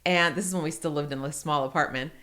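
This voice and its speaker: A middle-aged woman hosting a podcast, telling a personal story in casual chat and acting out the quotes with lively energy. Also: low voice, fast. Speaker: podcast host.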